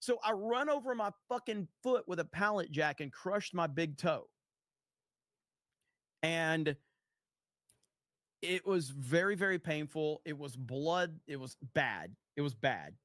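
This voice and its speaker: A man's voice: on the high side, animated, takes it slowly, long pauses, fairly bright tone, dry recording, studio quality. A man hosting a casual livestream, rambling and swearing freely as he reads chat messages aloud and tells stories. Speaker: streamer.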